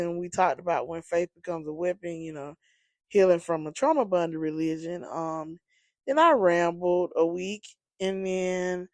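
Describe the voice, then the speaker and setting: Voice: mid-range voice, no echo, studio quality. A sleepy, yawning podcast host and apostle, rambling conversationally through a casual solo monologue with many fillers.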